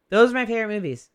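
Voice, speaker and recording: A man hosting a radio show, teasing his guest with crude, quick-fire banter. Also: sits high, sharp tone, dry recording, studio quality. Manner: crude, teasing, rapid tangents. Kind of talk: casual banter.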